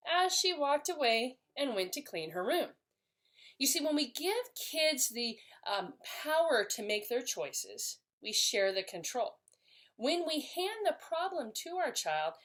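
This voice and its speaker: A woman's voice: high-pitched, big pitch swings, measured pace. A middle-aged woman giving a parenting lesson, speaking in an empathetic way and acting out short example phrases. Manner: warm, empathetic, acts out short example lines. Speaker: parenting educator. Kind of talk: instructional talk to parents.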